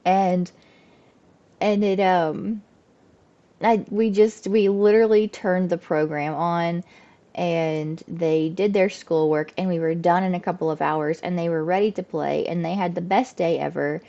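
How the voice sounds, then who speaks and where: Chatty mom in her thirties telling a story, warm mellow voice, kinda dull lo-fi sound. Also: fairly low pitch, a little slow. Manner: chatty, animated, lots of "like" fillers. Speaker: homeschooling mom vlogger. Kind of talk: casual storytelling to camera.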